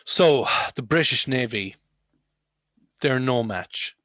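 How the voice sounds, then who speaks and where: A man's voice: mid-range voice, lively intonation, slow pace, fairly bright tone, faint music behind. A man teaching English to students on a video call, asking questions and repeating key words to coax answers. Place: online class.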